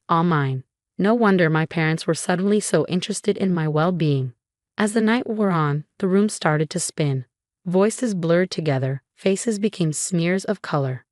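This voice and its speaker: Female storyteller, measured and dramatic; low register, dry close sound. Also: dry recording. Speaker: story narrator. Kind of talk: scripted dramatic narration.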